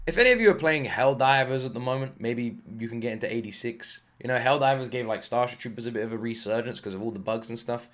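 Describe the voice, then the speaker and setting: A man hosting an anime reaction video, talking in a rambling, excitable way, swearing freely and fighting off a lingering cough. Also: medium pitch, fast talker, few pauses, faint music behind. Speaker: anime reaction channel host. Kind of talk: casual reaction commentary.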